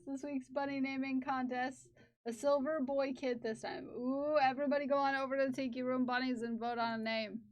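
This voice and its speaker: High-voiced woman chatting while crafting. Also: flat delivery, a little fast. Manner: playful, chatty, talks while working with her hands. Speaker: livestreamer crafting on stream. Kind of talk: casual chat with viewers while crafting.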